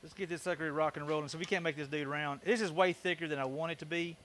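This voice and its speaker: A man's voice: fairly high pitch, steady tone, quick pace, heavy background noise. A middle-aged man chatting casually on a live stream while working in his wood shop, joking and thanking viewers. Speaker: woodworking streamer.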